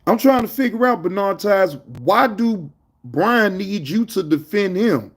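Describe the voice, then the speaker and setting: A man with a fairly high voice hosts a casual livestream and talks straight to his chat. He is animated and loose with slang, calling out viewers by name between stories. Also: unhurried. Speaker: livestream host.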